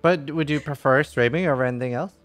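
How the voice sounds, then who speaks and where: Relaxed, upbeat male stream host. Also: fairly high pitch, quick pace, faint music behind. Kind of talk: reading viewer questions on a stream.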